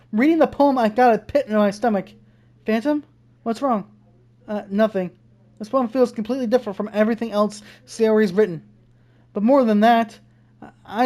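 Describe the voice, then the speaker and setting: A woman's voice: fairly high pitch, dark tone. A young woman playing through a visual novel, reading its text aloud and breaking off into frightened swearing. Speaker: gaming streamer. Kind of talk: let's-play, reading game text aloud. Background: faint game music.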